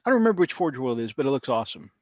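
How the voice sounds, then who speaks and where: A man co-hosting a hobby livestream in a casual chat, talkative and quick to laugh. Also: medium pitch, sing-song, dry recording, lo-fi sound. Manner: chatty, laughs often, quick asides.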